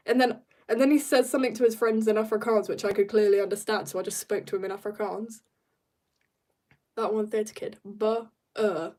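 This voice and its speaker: A woman's voice: medium pitch, fairly even intonation, dark tone, distant mic. British teen girl streamer, chatty and giggly, talks while she draws, sits a bit off-mic. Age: teens. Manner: rambling, giggly, talks in quick bursts. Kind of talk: casual livestream chat while drawing.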